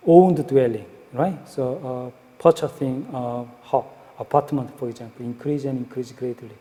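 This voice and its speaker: Male lecturer, higher voice, hesitant classroom delivery, reverberant hall. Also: mellow. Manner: halting, frequent fillers and checks like "right?". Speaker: economics lecturer.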